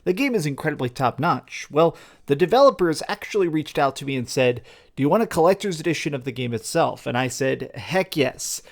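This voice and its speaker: Casting note: young male game vlogger, slightly high voice, gushing and excited, casual unboxing talk. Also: a little fast, creaky. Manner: enthusiastic, gushing, animated. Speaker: game reviewer and channel host.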